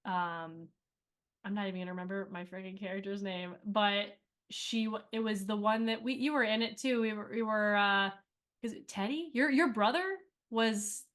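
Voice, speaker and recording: A woman's voice: mid-range voice, steady tone, moderate pace, fairly bright tone. A woman interviewed as a cast member, telling rambling stories in casual chat with many fillers.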